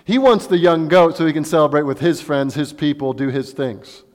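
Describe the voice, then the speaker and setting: A man's voice: a little high, normal speed, darkish tone. A male pastor preaching a sermon in an earnest way, repeating phrases for emphasis. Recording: long hall reverb.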